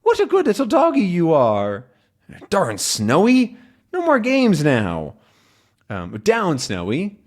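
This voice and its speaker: A man doing a high, fussy elderly professor. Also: wildly swooping pitch, takes it slowly, heavily acted. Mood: fond. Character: fussy, hard-of-hearing elderly male professor.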